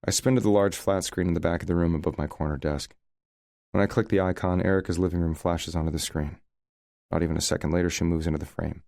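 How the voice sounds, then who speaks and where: A man's voice: low-pitched, fairly even intonation, quick pace, gravelly, a little mellow, no echo. A man narrating a first-person romance audiobook in a wry, conversational way, recorded close to the mic.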